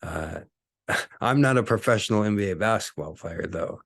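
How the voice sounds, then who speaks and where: A man with a very low, deep voice talks through a casual solo podcast from his apartment. He rambles and swears, circling back with fillers and restarts. The sound is close and dry. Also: animated, normal speed, creaky, a bit bright, no echo. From Hawaii. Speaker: podcast host.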